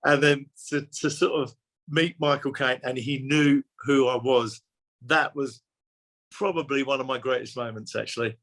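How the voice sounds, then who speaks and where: A man, a musician guest chatting warmly and effusively in an interview, with many restarts. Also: mid-range voice, steady tone, moderate pace. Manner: effusive, repeats words and restarts, laughs often. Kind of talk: casual interview chat.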